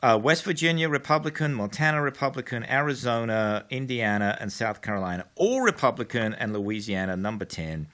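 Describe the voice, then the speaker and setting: A man's voice: mid-range voice, animated, brisk, hardly any pauses, a bit bright. A man with a Texas accent hosting a political commentary show in a studio, speaking with mock-astonished, theatrical sarcasm.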